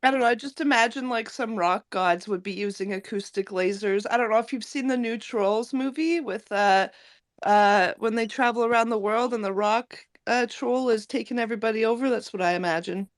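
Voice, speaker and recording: Higher-voiced woman, musing aloud. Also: brisk. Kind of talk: casual group voice chat.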